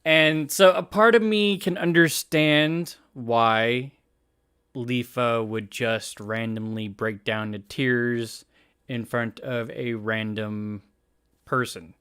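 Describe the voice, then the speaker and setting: A man's voice: mid-range voice, fairly even intonation, takes it slowly, a bit bright, smooth. A man chatting casually on a live stream, reacting to an anime and his chat in a rambling way, often restarting his sentences. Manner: rambling, self-correcting, laughs often.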